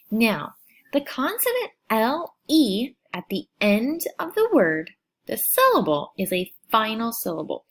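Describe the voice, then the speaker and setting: A woman teacher giving a recorded phonics lesson for children, sounding out syllables with slow, clear over-enunciation. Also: medium pitch.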